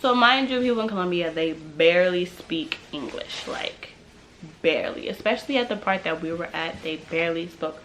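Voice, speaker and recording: A woman's voice: lowish voice, moderate pace, noisy background. A young woman vlogger telling a storytime tale in a casual, slangy way, acting out quotes and laughing along.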